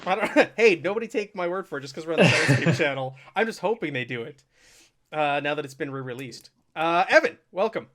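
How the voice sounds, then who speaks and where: A man hosting a live tabletop game stream as game master, chatty and quick to joke and laugh. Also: fairly high pitch, expressive, a bit bright. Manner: chatty, joking, laughs often.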